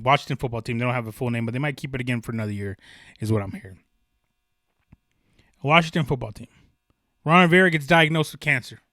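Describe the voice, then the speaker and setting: A man's voice: on the high side, bright, forceful tone, no room sound, clean studio sound. A man hosting a solo sports podcast, talking with passion and emphasis, often restarting his sentences. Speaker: podcast host.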